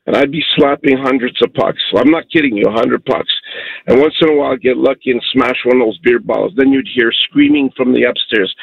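A man in his fifties from Canada calls in to a radio show and tells a heartfelt story in an earnest way. His voice is gravelly and husky. The phone line sounds dull and lo-fi, with a dry, close sound. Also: medium pitch, a little fast, no echo. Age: 50s. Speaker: caller.

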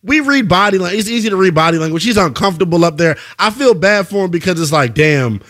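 A man co-hosting a sports talk show, emphatic and animated, repeating lines for effect. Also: sits high, quick pace. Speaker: sports podcast co-host.

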